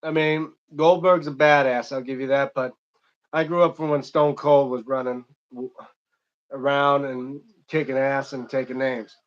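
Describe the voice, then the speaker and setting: A man's voice: mid-range voice, level tone, a little slow, dull audio. A young man from Michigan hosting an unscripted live stream, reading chat comments aloud and answering them in a rambling, casual way.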